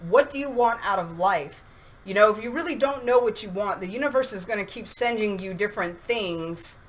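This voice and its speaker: Woman tarot reader, chatty and animated, speaks casually to her viewers at an average pitch. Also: poor audio. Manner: chatty, animated, talks straight to viewers with acted asides. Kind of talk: casual tarot reading to camera.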